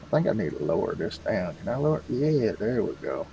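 A man's voice: on the low side, sing-song, fairly quick, vocal fry, warm tone, muffled recording, a little hiss or hum. A man hosting a farming game video, rambling casually and calling his viewers "folks". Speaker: gaming channel host.

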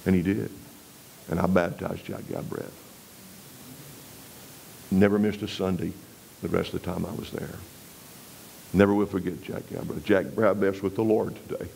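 Folksy preacher telling a story. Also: male voice, steady tone, normal speed, vocal fry, long pauses, slight background noise, poor audio. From West Texas. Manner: folksy, drops low and quiet for emphasis; rises and presses when preaching scripture. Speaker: revival preacher. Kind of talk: storytelling sermon.

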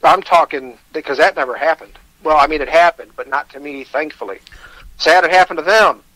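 A man's voice: fairly high pitch, fairly quick, sharp tone, no echo, rough recording. A man with a Michigan accent, telling his personal story as a radio guest, candid and self-deprecating, with hesitant restarts.

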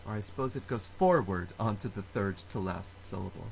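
A man teaching a Latin lesson, explaining stress rules slowly and carefully and sounding out example words. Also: lowish voice, lively intonation, gravelly, slight background noise, rough recording. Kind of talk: recorded lecture.

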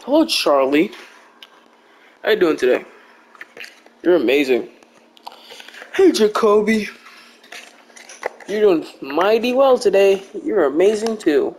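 A man's voice: high voice, big pitch swings, slow, long pauses, a little hiss or hum. A young man giving casual, rambling gameplay commentary with joking, blunt trash talk. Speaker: gaming video creator.

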